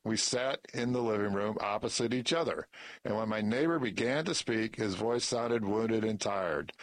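A man's voice: fairly low pitch, normal speed, dry recording. Man reading news articles, dry.

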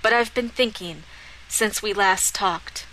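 A woman voicing a calm, resolute young prince who speaks in a firm, measured, earnest way. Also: medium pitch, a little hiss or hum, rough recording.

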